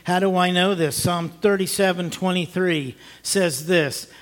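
A man's voice: sits high, fairly even intonation, unhurried, hardly any pauses. A male pastor preaching a sermon, emphatic and fond of repeating his key phrases.

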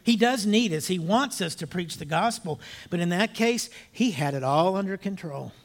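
An older man preaching a sermon, telling a story in a hushed voice and rising to emphatic appeals. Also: sits high, animated, normal speed. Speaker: pastor.

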